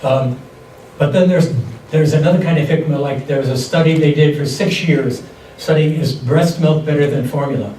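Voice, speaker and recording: Older male seminar speaker, slightly high voice, anecdotal and conversational; distant mic in an echoey room. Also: normal speed, warm tone. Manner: conversational, anecdotal teaching with frequent restarts. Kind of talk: lecture on holistic health. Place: lecture hall. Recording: echoey hall, distant mic, faint noise.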